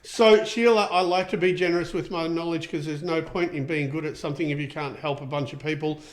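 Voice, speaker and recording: A man's voice: fairly high pitch, fairly even intonation, brisk. A middle-aged Australian man hosting a casual livestream show, rambling and chatty with lots of ums as he reads out viewer comments. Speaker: show host.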